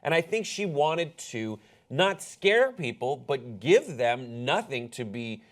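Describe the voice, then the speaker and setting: A man's voice: mid-range voice, big pitch swings, slow pace. Wry, critical man on a talk panel. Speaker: talk show co-host. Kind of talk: casual chat.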